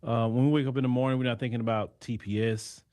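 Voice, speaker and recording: A man from Haiti speaks in a played clip, answering a claim point by point in a measured way. He has a mid-pitched voice. The recording is dry and close, with almost no room sound. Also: fairly even intonation, a little mellow, dry recording. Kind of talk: direct rebuttal.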